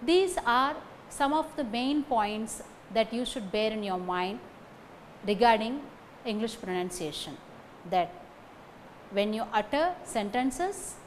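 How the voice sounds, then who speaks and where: Slow, deliberate woman lecturing. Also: on the high side, animated, slight background noise, rough recording. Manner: slow, deliberate, repeats example sentences; frequent "okay" between points. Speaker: phonetics lecturer. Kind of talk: recorded lecture.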